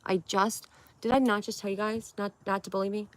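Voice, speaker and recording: With a flat delivery in a mid-range voice, a little fast, a young woman from Connecticut runs a casual livestream. She's tired but playful, responding to comments one by one.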